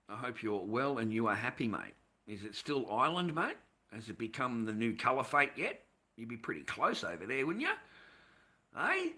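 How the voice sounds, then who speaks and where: Bright-voiced Aussie man ranting. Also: on the high side. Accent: Australian. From Australia. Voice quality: profane, rambling, with swinging loudness. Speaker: livestreamer reading chat. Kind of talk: casual ranting monologue.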